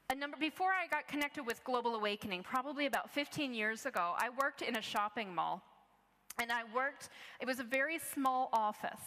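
A woman's voice: fairly high pitch, sharp tone, in a large hall. A woman preaching a sermon, telling stories earnestly and restarting her phrases often. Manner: earnest storytelling, many restarts.

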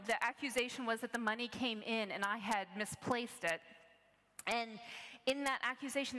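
A woman's voice: a little high, pushed and bright, long reverb tail. A woman preaching a sermon, telling a personal story in an earnest, conversational way with frequent restarts.

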